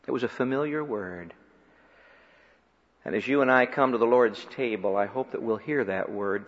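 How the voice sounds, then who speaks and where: A man preaching a sermon, rising to loud emphatic peaks and dropping to quiet, low phrases. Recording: dull lo-fi sound with long hall reverb.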